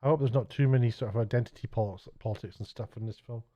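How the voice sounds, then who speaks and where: A man's voice: medium pitch, steady tone, quick pace, warm tone. A middle-aged man rambling chattily through a late-night vlog, stumbling and restarting as he mocks himself. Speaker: YouTuber and TV director. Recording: dull lo-fi sound.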